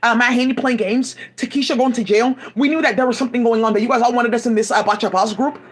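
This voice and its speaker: A woman's voice: a little high, steady tone, fast. A woman giving rambling, profane commentary full of restarts, agitated asides and fillers, speaking into a home mic. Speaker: commentary vlogger.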